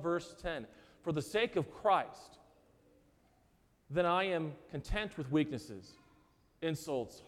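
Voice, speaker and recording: Pastor guy preaching in a church, pretty high voice, repeats himself for emphasis, big echo. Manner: earnest preaching with repeated words and dramatic pauses. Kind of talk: sermon. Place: church sanctuary. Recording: church hall with long reverb.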